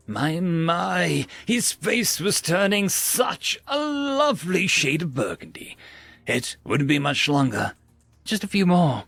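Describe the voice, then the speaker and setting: A man's voice: a little high, sing-song, takes it slowly, vocal fry, a bit bright, husky, no echo, faint music behind. A man narrating a sci-fi story in a wry, theatrical storytelling manner.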